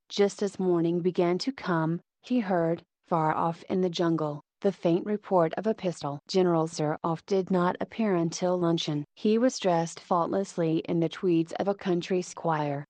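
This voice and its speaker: A woman reading a story aloud in a measured, even manner. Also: on the low side, no echo. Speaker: narrator.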